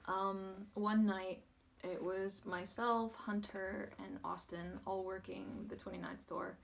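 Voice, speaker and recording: A woman's voice: mid-range voice, little pitch movement, takes it slowly, creaky, distant mic, a little hiss or hum. A young woman, a former video store clerk, telling a story casually in an interview, laughing often and using many fillers.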